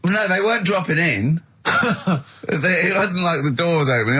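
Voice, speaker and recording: A man co-hosting a casual comedy chat, telling stories with animated energy and bursting into loud laughter. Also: moderate pace, breathy edge. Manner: loud high-pitched laughter, animated storytelling. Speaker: co-host.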